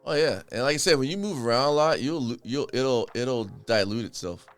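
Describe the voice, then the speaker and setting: A man in his forties hosting a casual chat, with a relaxed manner, an easy laugh, and a voice that drops quieter at the ends of sentences. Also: medium pitch, brisk, clear, resonant tone, no room sound. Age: 40s.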